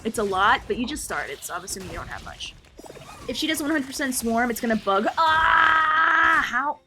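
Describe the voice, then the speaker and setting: A woman live streaming a game, chatting casually with her viewers in an animated, playfully ranting and mock-scolding way. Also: a little high, a little fast, raised voice. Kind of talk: casual gaming stream chat.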